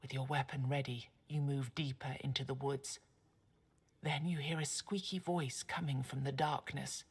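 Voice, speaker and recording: Game narrator, low, gravelly, husky, hushed, measured. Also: female voice, fairly even intonation, heavily acted. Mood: ominous. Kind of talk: scripted narration.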